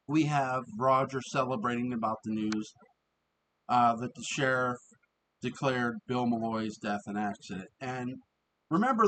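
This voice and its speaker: A man giving a casual, rambling review of an old TV episode. He often restarts, fills pauses and laughs as he talks. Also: medium pitch, a bit bright, a little hiss or hum, rough recording.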